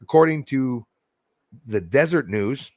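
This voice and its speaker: A man reads space headlines aloud and drifts into rambling, skeptical asides, often breaking off and restarting mid-thought. His voice sits at an ordinary middle pitch and is recorded close and dry, with no room sound. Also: expressive, takes it slowly, no room sound. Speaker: news vlogger. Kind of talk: casual commentary reading news aloud.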